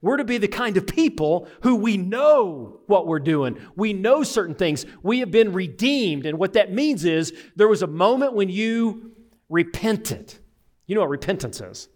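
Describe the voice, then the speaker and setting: Animated male preacher, fairly high voice. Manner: animated preacher, acts out quoted voices, chuckles. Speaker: pastor. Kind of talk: sermon.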